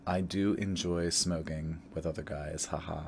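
Low gravelly man rambling softly. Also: steady tone, a little slow, a little hiss or hum. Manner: candid, campy, with soft whispered stretches. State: tired and tipsy. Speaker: ASMR creator. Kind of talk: rambling ASMR chat.

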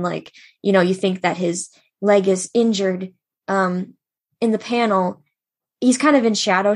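A woman co-hosting a podcast, animatedly retelling scenes from a comic and laughing often. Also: mid-range voice. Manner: animated storyteller, acts out quoted lines, laughs often. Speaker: podcast co-host. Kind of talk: casual chat retelling manga scenes.

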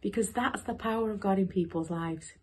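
A woman sharing a personal testimony in church, telling the story in a lively way. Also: medium pitch, brisk, husky. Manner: animated storyteller with lively quoted voices.

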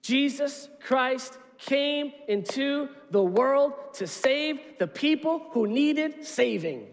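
A male pastor preaching a sermon in a church, telling stories in an animated, humorous way. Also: very high voice, slow, gravelly. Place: church sanctuary. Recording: long reverb of a large hall.

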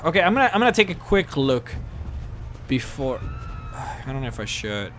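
A man commenting on a video game as he plays, excitable and swearing freely. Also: mid-range voice, moderate pace, a little hiss or hum. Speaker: let's play host. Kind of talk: gameplay commentary.

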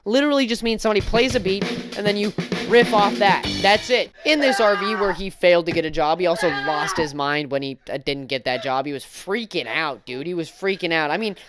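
A man's voice: high-pitched, fairly quick, music in the background. A man doing casual mocking commentary, sarcastic and exasperated, rambling with restarts. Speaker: commentary YouTuber.

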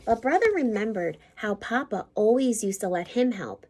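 Principal, woman, storybook read-aloud for kids; expressive, teacherly. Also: a little high, normal speed, slight background noise. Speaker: school principal. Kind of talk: reading a picture book aloud to children.

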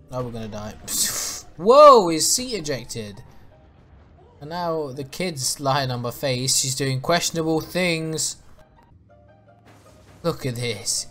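A man's voice: mid-range voice, expressive, slow pace, pushed and bright, faint music behind. A man commentating a video game as he plays, swearing often, laughing and yelping in panic. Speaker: gaming YouTuber. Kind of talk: let's play commentary.

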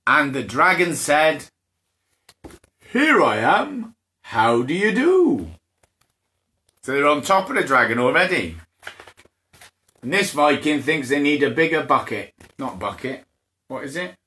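Animated man reading a bedtime story. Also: normal speed. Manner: playful, laughing, voices the characters with big pitch jumps. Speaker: children's dance class host reading a bedtime story. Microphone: phone or camera for a live stream.

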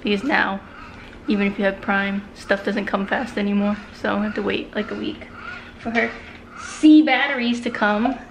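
A woman's voice: mid-range voice, fairly even intonation, normal speed, creaky, slight background noise. A young woman, a mother, talking casually in a home vlog and switching into sing-song baby talk for her infant. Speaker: vlogger, mother. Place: home kitchen indoors.

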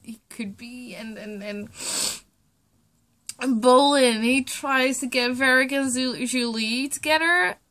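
Young woman close to tears, slow broken sentences, fairly high voice. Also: a bit bright. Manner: halting, trailing off, swearing. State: tearful, choked up. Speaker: vlogger. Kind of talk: emotional reaction vlog.

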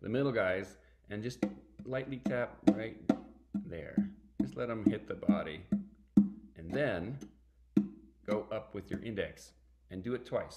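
Low-voiced man teaching ukulele strums. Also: a little slow, pauses often, soft background music. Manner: relaxed, counts and vocalizes strum patterns. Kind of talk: online music workshop lesson. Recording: echoey room with ukulele playing.

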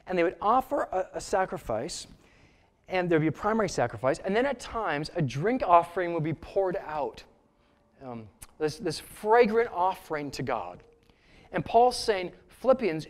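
A male pastor with a Canadian accent preaching a sermon in an earnest, emphatic way, repeating key phrases for stress. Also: sits high. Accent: Canadian English.

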